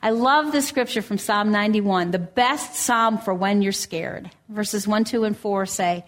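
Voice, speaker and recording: A woman preaching a sermon, telling a story in a gentle, earnest way and reading scripture aloud. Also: mid-range voice, unhurried.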